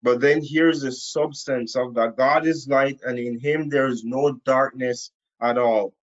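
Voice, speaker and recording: A man delivers a Bible lesson straight to camera from a room, taking his time over every phrase. He leans on repetition to drive each point home, at an unhurried pace and an ordinary middle pitch. The sound is a little dull and lo-fi. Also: fairly bright tone. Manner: slow, emphatic, repeats key phrases. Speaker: preacher. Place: indoor room.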